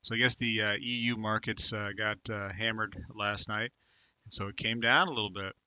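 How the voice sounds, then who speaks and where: A man in his thirties from the United States hosts a loose livestream chat, greeting viewers by name and wandering from thought to thought with many fillers. His voice sits a little low but sounds very bright and forceful. The sound is dry and close, with no room echo. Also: steady tone, normal speed, clean tone. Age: 30s. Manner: rambling, filler-heavy, talks to viewers by name. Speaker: livestream host. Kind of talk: casual live chat reading comments.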